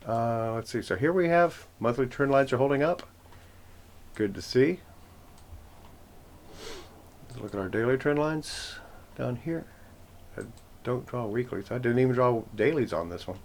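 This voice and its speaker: A man's voice: mid-range voice, expressive, moderate pace, gravelly, pauses often, a little mellow, a little hiss or hum. A man hosting a forex trading channel, talking casually through his chart trend lines with rambling self-corrections and joking asides. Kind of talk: casual screen-share chart walkthrough.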